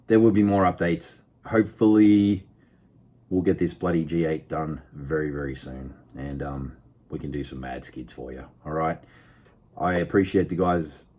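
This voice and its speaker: An Australian man ranting casually in a car vlog, frustrated and swearing freely between jokes. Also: low voice. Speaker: car vlogger.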